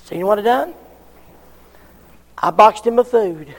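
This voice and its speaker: A man preaching a folksy, emphatic sermon as pastor, his delivery swinging from loud cries to hushed tones. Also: high voice, expressive, measured pace, long reverb tail.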